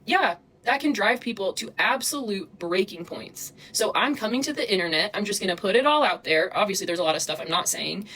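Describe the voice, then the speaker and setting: A woman's voice: mid-range voice, animated, a little fast, few pauses, fairly bright tone, low-quality recording. A young woman venting to her chat on a livestream, agitated and swearing heavily as she talks to viewers.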